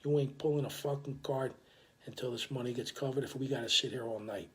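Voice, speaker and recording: A gruff mob boss barks blunt, profane orders, as a man quotes him in his own storytelling voice. The voice sits at an ordinary middle pitch and stays stern. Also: steady tone, brisk, a bit bright, close to an everyday voice.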